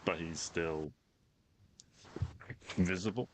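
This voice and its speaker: Deep-voiced man running a tabletop game. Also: slow, slight background noise. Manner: easygoing, loose narration with fillers. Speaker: game master.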